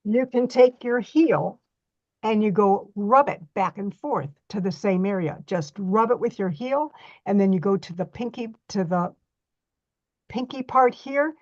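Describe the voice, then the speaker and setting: A middle-aged woman leads a hands-on reflexology class in a folksy, chatty way. Her voice sits at an ordinary middle pitch. The sound is dry and a little dull and muffled. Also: animated, unhurried, a little mellow, no echo. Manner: chatty, folksy, demonstrating on a model foot. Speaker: reflexology workshop instructor. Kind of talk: hands-on workshop teaching.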